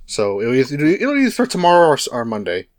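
A man's voice: a little high, fast talker, no room sound. Male co-host, casual rambler, dry close mic. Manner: rambling, restarts, excitable. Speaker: podcast co-host. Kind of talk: casual chat.

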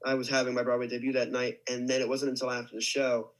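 A man's voice: medium pitch, completely flat delivery, fast, poor audio. Young man rambling through a story. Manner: rambling, many restarts and likes. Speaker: actor guest. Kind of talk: casual storytelling.

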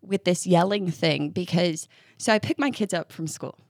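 A woman co-hosting a parenting podcast, telling stories in casual chat with an animated, laughing manner. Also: lowish voice, moderate pace, gravelly, no echo, clean studio sound. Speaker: podcast co-host.

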